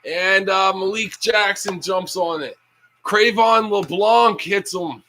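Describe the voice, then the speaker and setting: A young man hosting a livestream, casually reacting to a live football game, reading chat aloud and yelling at big plays. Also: high voice, slow, a little hiss or hum, poor audio. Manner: casual, slangy. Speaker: livestream host.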